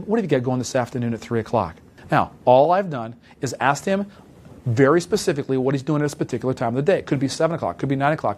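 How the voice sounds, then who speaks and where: A man's voice: fairly high pitch, a little mellow. A man giving a sales training talk, coaching listeners step by step and acting out short sample phone calls in a direct, emphatic manner. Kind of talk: instructional talk with role-played phone calls.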